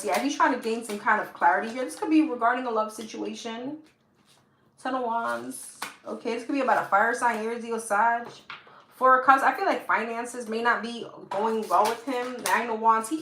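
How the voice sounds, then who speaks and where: Here a New York–accented woman reads tarot live, her voice on the high side with a fairly bright tone. She talks casually and a lot, greeting viewers as "guys" and "girl." The sound comes from a phone mic in a big, echoey room with a faint hiss underneath.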